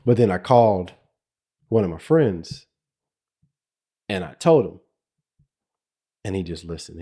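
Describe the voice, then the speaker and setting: A man's voice: low-pitched, animated, slow, pauses often, warm tone, husky. A middle-aged man co-hosting a podcast, talking candidly and rambling a little, with self-deprecating humor. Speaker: podcast co-host. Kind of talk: casual chat.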